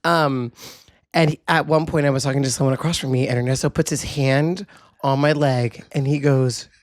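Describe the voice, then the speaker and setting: Loud, excitable male podcast co-host. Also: medium pitch, normal speed, no room sound. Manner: distinctive voice others comment on. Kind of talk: casual chat. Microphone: handheld microphone.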